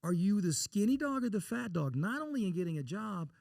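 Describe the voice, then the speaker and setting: A blunt, folksy man from Texas, speaking as an investor guest on an interview show. He talks at a fast clip in a fairly high register and slips into acting out the dialogue in his stories. The sound is close and dry. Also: big pitch swings, creaky, a little mellow, no echo. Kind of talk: casual interview storytelling.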